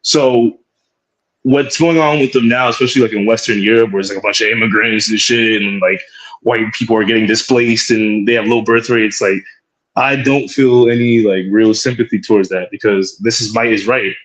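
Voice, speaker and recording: A man co-hosting a casual podcast, speaking in a rambling, relaxed, slangy way. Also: on the low side, normal speed, low-quality recording. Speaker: podcast co-host. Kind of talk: casual chat.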